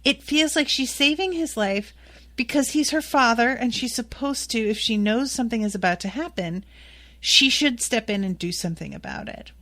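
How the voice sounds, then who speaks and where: A woman's voice: fairly high pitch, moderate pace, fairly bright tone. A woman hosting a solo podcast, recapping a TV episode candidly and with exasperated, swearing asides. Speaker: podcast host recapping a TV series.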